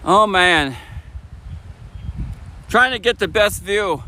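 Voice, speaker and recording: Very high, bright-voiced Michigan man. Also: animated, a little hiss or hum, poor audio. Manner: talks fast, chatty, laughs often. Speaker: streamer. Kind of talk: casual outdoor livestream chat. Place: outdoors on a bench by a bridge. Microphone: phone camera on a tripod.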